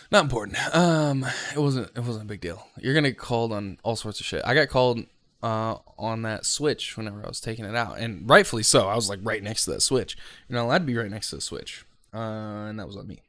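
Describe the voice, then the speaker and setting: A young man recaps his conductor training in a loose, rambling vlog, cursing casually and restarting his sentences. His pitch swings widely as he talks. The sound is dry and close, with no room echo. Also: expressive, brisk, a bit bright.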